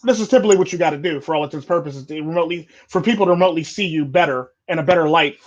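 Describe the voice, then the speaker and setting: A man's voice: on the high side, rapid-fire, muffled recording. A man hosting a casual chat, talking bluntly and rambling with repeated stock phrases. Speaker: podcast host.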